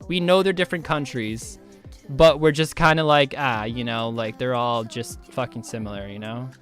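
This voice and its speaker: Over soft background music, a young man from the United States, in his twenties, streams a game casually at a moderate pace. His mid-range voice is a bit bright with fairly even intonation, and he swears loosely while reading chat messages aloud and riffing on them.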